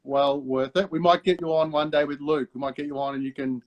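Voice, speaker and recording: An older Australian man hosting a casual live interview over a video call, friendly and quick to laugh, calling his guest mate. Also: a little high, fairly even intonation, highs cut off. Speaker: host.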